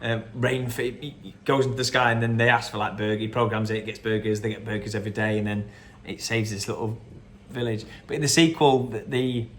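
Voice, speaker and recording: A man's voice: lowish voice, steady tone, slight background noise. A man hosting a quiz, going over the answers in a chatty, rambling way with lots of fillers. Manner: chatty and rambling, with fillers and quick quote impressions. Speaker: quiz host. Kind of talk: casual quiz answer run-through.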